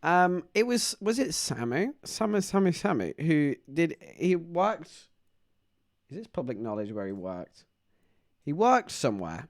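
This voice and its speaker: A man chatting on a live stream, his pitch bouncing up and down as he rambles through stories. His voice sits in the middle of the range. The sound is dry and close, with no room echo. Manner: rambling, animated storytelling with frequent laughs. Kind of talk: casual live-stream chat.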